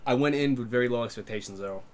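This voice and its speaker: A man's voice: medium pitch, fast, darkish tone. Laid-back swearing podcast man. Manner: laughing, loose storytelling, heavy swearing. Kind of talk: casual profane chat.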